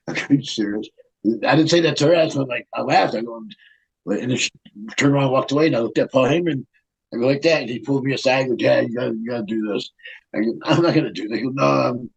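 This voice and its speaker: A man's voice: medium pitch, gravelly, husky, low-quality recording. An older man as an interview guest, telling a rambling, profane story and acting out what others said. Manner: rambling, profane, repeats himself, quotes others. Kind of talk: casual storytelling.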